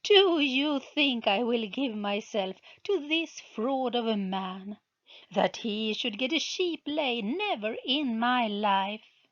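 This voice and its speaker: A woman's voice: fairly high pitch, lively intonation, takes it slowly, lo-fi sound. A woman reading a storybook aloud, voicing a scornful, commanding young witch.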